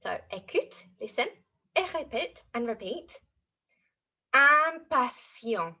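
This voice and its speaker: A woman teaching French to young children in an animated, exaggerated way, acting out feelings as she goes. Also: high-pitched, slow, husky, highs cut off. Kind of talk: children's language lesson.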